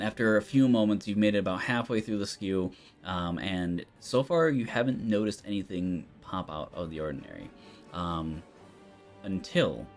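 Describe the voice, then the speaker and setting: A man narrating as game master of a tabletop game, loose and relaxed with frequent ums. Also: sits low.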